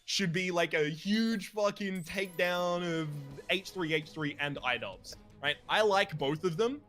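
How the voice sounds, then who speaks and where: A man's voice: high voice, a little slow, a bit bright, soft background music. A man co-hosting a let's play, chatting casually while gaming in a rambling, opinionated way and swearing freely.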